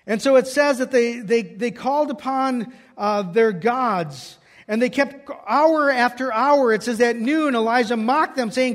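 A man with a strikingly high voice preaches a sermon. He tells a scripture story and rises in pitch and force for the quotes. A long reverb trails behind his words. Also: expressive, moderate pace. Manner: storytelling, quoting scripture with raised voice.

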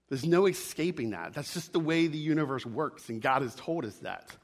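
A man's voice: a little high, animated, normal speed, hardly any pauses, in a large hall. A man preaching a sermon, emphatic, repeating his key lines and checking in with "right?". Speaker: pastor.

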